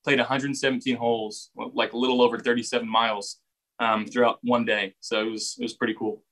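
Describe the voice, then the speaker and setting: A young man, a football quarterback, answering reporters' questions in a relaxed way, often repeating words as he finds his phrasing. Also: medium pitch, a little fast, poor audio. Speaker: football quarterback at a press session. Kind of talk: casual press interview answers.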